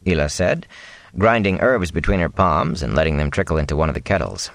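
A man narrating a fantasy novel aloud in an expressive reading. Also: a bass voice, brisk, gravelly, dry recording. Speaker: audiobook narrator. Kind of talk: storybook narration.

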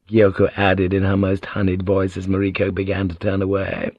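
A man narrating an audiobook in a measured, even reading. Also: sits low, no room sound, lo-fi sound. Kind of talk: scripted narration.

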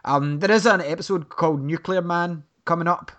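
Guy chatting about tv, bit higher voice, lots of ums. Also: normal speed, fairly bright tone, lo-fi sound. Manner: chatty, hesitant with many fillers. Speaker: podcast co-host. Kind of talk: casual fan discussion.

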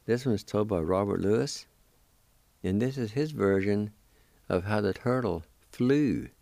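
A man's voice: on the low side, unhurried, vocal fry, warm tone, dry recording. A man hosting a radio show, introducing a story in a plain, simple way.

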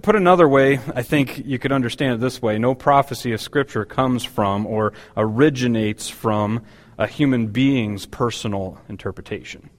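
Guy preaching a bible study sermon, lots of uh and restarts, echoey hall with long reverb. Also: mid-range voice. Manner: explanatory, frequent restarts and fillers. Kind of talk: sermon teaching. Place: church hall.

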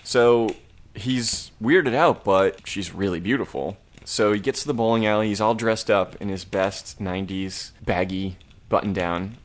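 Low-voiced man casually recapping a plot. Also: unhurried. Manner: rambling, laid-back, profane. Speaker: podcast co-host.

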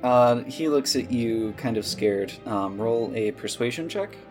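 A man's voice: medium pitch, a little slow, soft background music. A man running a tabletop game as game master, narrating loosely with many fillers. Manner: relaxed, hesitant with fillers.

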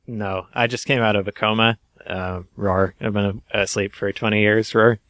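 A man voicing a dim giant lizard monster who answers in flat, deadpan roars. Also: on the low side, normal speed, lightly acted. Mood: dopey. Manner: dry, deadpan, mumbled roars.

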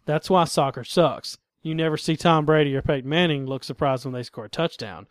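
Male podcast host, casual and profane banter, fairly high voice, dry close sound. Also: fairly quick, dry recording. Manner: crude, laid-back joking.

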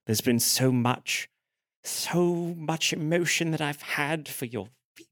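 A man's voice: fairly high pitch, slow pace, fairly bright tone. A man putting on a pompous stammering priest, creepy, theatrical, tabletop game voice. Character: creepy pompous male priest with a foot fetish.

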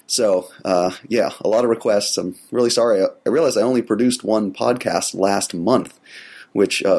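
A man hosting a solo tech podcast with a cold, his voice gravelly, talking in a relaxed, rambling way with many fillers. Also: low voice. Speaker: podcast host. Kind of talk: casual solo podcast monologue.

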